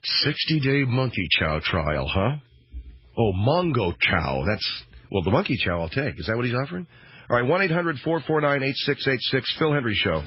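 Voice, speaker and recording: A man's voice: medium pitch, sing-song, moderate pace. A man hosting a radio talk show, rambling through a sarcastic, mock-outraged monologue. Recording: dull, dry radio broadcast.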